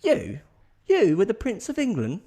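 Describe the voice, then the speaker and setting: A man voicing a disbelieving young mechanic's helper in a squeaky voice. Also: very animated, moderate pace, darkish tone. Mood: incredulous. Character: incredulous young male mechanic's offsider.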